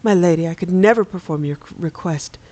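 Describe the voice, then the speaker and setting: A game streamer reading aloud as a prim, flustered male lizard-folk bard, in a soft voice. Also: mid-range voice, a little fast, lightly acted.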